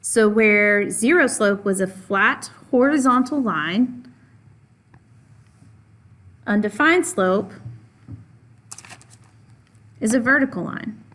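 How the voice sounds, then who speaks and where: A woman with a slightly high, somewhat bright voice teaches a math lesson, speaking animatedly but slowly with frequent pauses. She patiently stresses and repeats key points, posing questions to the class and answering them herself.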